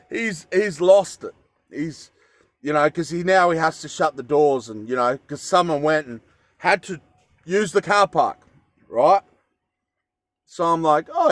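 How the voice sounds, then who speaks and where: A man's voice: on the high side, no echo. An Australian man telling a story in a casual vlog, rambling with fillers and self-corrections. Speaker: vlogger.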